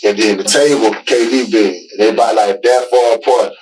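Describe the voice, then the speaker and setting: A father answering police questions in a halting, rambling way, full of filler words. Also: fairly low pitch, steady tone, darkish tone, far from the mic, rough recording. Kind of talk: police interview.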